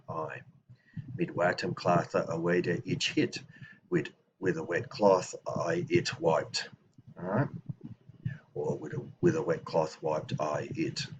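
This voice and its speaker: A man teaching a language lesson, thinking aloud with restarts and slowing down to spell out example phrases. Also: low-pitched, fairly bright tone, slight background noise. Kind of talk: explanatory lesson.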